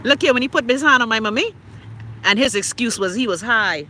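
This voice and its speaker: A loud, cussing Bahamian woman in her fifties hosts a livestream, speaking with a Bahamian accent. Her voice is bright and cutting, and she rants freely into a phone. Faint street and traffic noise hums behind her outdoors. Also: a little high, a little fast. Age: 50s. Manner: loud, profane, animated ranting. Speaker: livestream host. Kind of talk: casual livestream chat.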